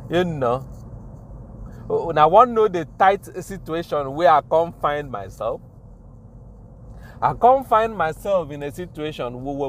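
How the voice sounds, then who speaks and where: A young Nigerian man with a Pidgin accent, telling a story casually with laughs, recorded outdoors near traffic. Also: high voice. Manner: animated, laughing, slow drawn-out telling.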